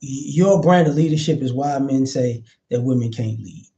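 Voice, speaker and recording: A man's voice: mid-range voice, normal speed, warm tone, highs cut off. A man giving opinionated commentary in a vlog, blunt and profane, hammering his points with repeated phrases.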